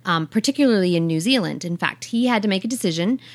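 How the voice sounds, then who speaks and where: A woman's voice: mid-range voice, animated, quick pace, dry recording. A woman co-hosting a podcast with her husband, telling stories in a chatty way and laughing often. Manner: giggly, chatty storyteller. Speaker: podcast co-host. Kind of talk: casual chat.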